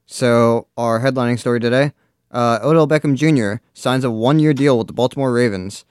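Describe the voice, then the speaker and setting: Smooth-voiced man, casual, lots of uhs. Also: medium pitch, fairly quick, a little mellow, dry recording. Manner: hesitant, many filler uhs. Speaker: podcast host reading sports news. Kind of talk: casual chat.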